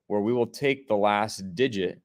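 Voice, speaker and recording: A man leads a coding lesson with a somewhat low voice. He explains each step patiently and keeps checking that his students follow along. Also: unhurried. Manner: step-by-step explaining, often checking in with "right?" and "okay?". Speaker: programming teacher. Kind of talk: screen-share coding lesson.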